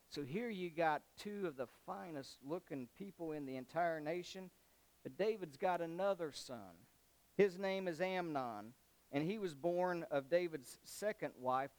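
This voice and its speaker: Man retelling scripture for a Bible class, folksy and animated, slightly high voice. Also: poor audio. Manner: animated, folksy storytelling with slang. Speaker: Bible teacher. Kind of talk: Bible study storytelling.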